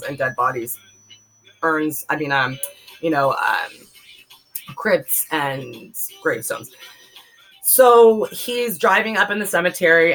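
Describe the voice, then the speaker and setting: This rough recording captures a Bay Area woman in her forties with a low-pitched, slightly bright voice. A vlogger, she shares a personal testimony candidly, rambling and emphatic, with plenty of fillers.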